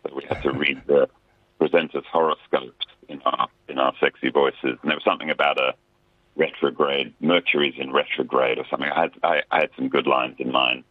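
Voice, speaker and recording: A man's voice: extremely low pitch, little pitch movement, a little fast, husky, no room sound. A man, a musician guest chatting casually and self-deprecatingly in a radio interview. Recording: dry tinny phone line.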